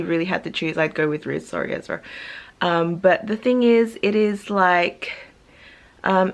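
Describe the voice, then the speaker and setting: Chatty young woman vlogging. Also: on the low side. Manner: chatty, many ums and likes, laughs often. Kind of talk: casual vlog chat to camera.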